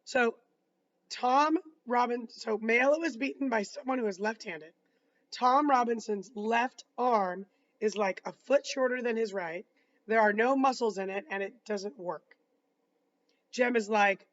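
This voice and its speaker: A man's voice: sits high, moderate pace, fairly bright tone, muffled recording. A man reading a novel aloud, breaking off for casual asides and restarting words. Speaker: reader.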